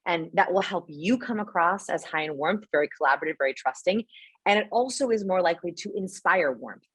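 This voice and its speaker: A young adult woman answering webinar questions as a guest expert, animated and explanatory, often checking in with "right?". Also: lowish voice, breathy edge, no room sound. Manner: animated, explains with quick asides and rhetorical "right?". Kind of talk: live webinar Q&A.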